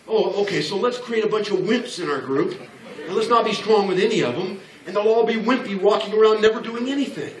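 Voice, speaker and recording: Speaking to a crowd in a big hall, this sixty-something man has a high-pitched, animated voice and talks fast. His business pep talk is blunt and full of jokes, and he performs the voices of people he quotes. The echoey room and distant mic are clearly audible.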